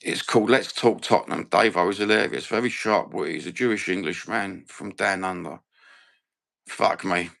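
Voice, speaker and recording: A man's voice: low voice, normal speed, gravelly, fairly bright tone. A man with a Cockney accent hosting a casual fan livestream, blunt, sweary and rambling. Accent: London Cockney. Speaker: fan channel host.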